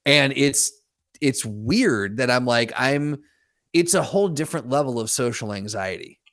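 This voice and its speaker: A man's voice: mid-range voice, a little slow, fairly bright tone, no room sound, clean studio sound. A man co-hosting a podcast, speaking thoughtfully with frequent restarts and brief agreements. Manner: thoughtful, hesitant, many restarts and backchannels. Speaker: podcast co-host. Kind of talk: casual chat.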